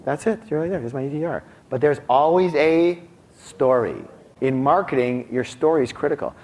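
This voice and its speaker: A middle-aged man teaching a live seminar, animated and constantly quizzing his audience. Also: a little high, moderate pace. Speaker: seminar speaker.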